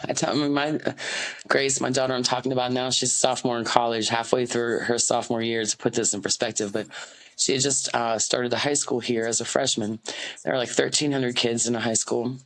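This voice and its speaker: A woman's voice: very deep voice, steady tone, fairly quick, poor audio. A woman in her forties from the United States, a podcast guest and activist, talking candidly and earnestly in an interview, full of fillers and restarts, speaking from an office. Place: an office, indoors.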